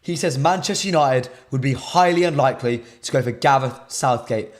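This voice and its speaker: A man presenting a live football stream, his voice shot and hoarse, talking casually to his chat and repeating himself. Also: medium pitch, a little fast.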